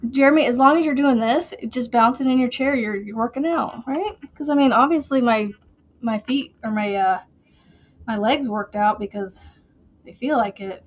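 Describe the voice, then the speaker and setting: A woman's voice: a little high, normal speed, muffled recording. A woman hosting a casual crochet livestream from her chair at home, chatty and giggly, a bit out of breath as she talks to viewers. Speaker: crochet channel host.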